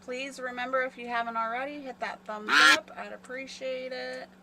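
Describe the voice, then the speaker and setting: A woman's voice: sits high, fairly even intonation, moderate pace. A woman hosting a casual live stream from her small farm, chatting with viewers and laughing often as she tells a story. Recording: farm noise with ducks and geese.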